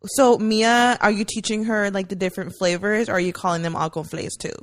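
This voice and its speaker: A woman in her thirties co-hosts a podcast in a casual, animated way. Her voice sits at a middle pitch for a woman, and she leaps into acted-out reactions as she tells a story. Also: fairly quick. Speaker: podcast co-host. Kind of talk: casual chat.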